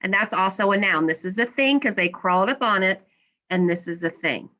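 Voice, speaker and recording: A woman's voice: medium pitch, brisk, bright, forceful tone, lo-fi sound. A woman teacher giving a classroom slideshow lesson, patiently asking questions and then answering them herself.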